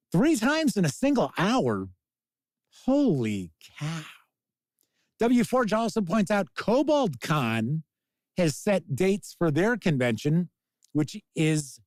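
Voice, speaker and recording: A man's voice: on the high side, darkish tone, no echo. A man in his fifties, hosting a casual live-stream chat, rambling and reading out viewer comments. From American. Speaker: podcast host reading chat.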